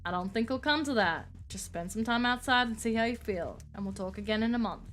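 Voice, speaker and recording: A woman's voice: fairly high pitch, a little fast, fairly bright tone, soft background music, close to an everyday voice. A woman doing a folksy cowboy therapist with a Western drawl. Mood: reassuring. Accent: put-on American Western.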